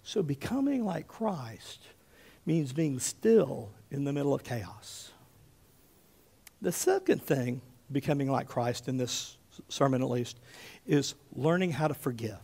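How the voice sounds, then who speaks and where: A man in his fifties preaching a sermon as pastor, telling stories with big swings between loud and hushed, often checking in with "okay?". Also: mid-range voice, unhurried, gravelly, breathy edge. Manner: animated storyteller, often checks in with "okay?", drops to a hush for quotes.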